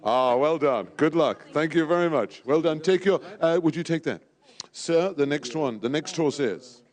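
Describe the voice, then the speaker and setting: Man, event emcee, playful, teasing, slightly high voice. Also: lively intonation, moderate pace, a little mellow. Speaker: master of ceremonies at a race draw. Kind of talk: live event announcing.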